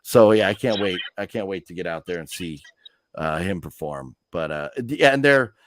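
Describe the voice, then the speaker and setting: A man's voice: low voice, animated, moderate pace, slight background noise. A man hosting a live movie news stream, telling stories in a rambling, chatty way with lots of fillers. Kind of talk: casual chat.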